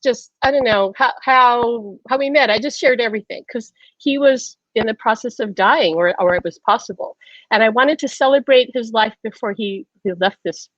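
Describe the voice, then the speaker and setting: A woman hosting a show, telling a personal story in an animated way, laughing often and acting out conversations in quotes. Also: a little high, no room sound, lo-fi sound. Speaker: host.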